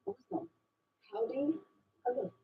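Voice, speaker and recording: A woman's voice: measured pace, natural voice. Bubbly Californian Valley Girl, young and ditzy, put on by a woman; a muffled clip with faint hiss. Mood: gushing. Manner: gushing, sing-song, upspeak.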